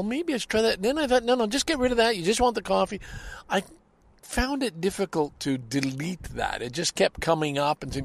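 A man in a casual monologue, excitable and rambling, going high-pitched when he gets anxious. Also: creaky, dry recording. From Canada. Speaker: vlogger.

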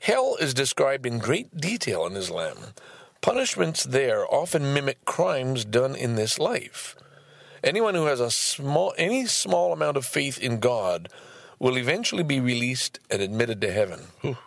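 A man reading a book aloud and commenting on it, breaking into exasperated, swearing outbursts between calm passages. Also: mid-range voice, measured pace, vocal fry, no echo. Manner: swears often.

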